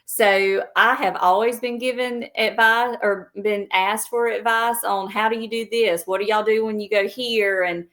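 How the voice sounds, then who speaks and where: A woman's voice: mid-range voice, fairly even intonation, measured pace, hardly any pauses, fairly bright tone. A woman with a Southern US accent and a mid-range voice answers interview questions. She speaks plainly and modestly, often wandering off on tangents. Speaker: travel agent guest. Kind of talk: casual interview.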